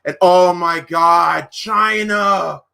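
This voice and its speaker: Excitable man, bright forward voice. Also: high voice, very slow, gravelly, smooth. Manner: excitable, rambling reactions with frequent exclamations; restarts and trails off mid-sentence. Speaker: streamer hosting a wrestling watch party. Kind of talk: live-stream watch-along commentary.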